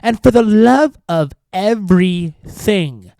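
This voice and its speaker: A man putting on a scornful, slow-talking woman. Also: high voice, lively intonation, gravelly, warm tone, clean tone, no room sound, full character voice. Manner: slow, drawn-out, mocking delivery. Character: indignant woman reading a scornful statement.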